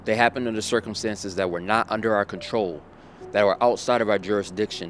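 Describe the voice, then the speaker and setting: A man with a lower voice tells a personal story as a motivational lesson. He speaks emphatically and circles back to the same phrases again and again. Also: fairly quick, faint music behind. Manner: emphatic and repetitive, drives points home. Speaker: motivational vlogger.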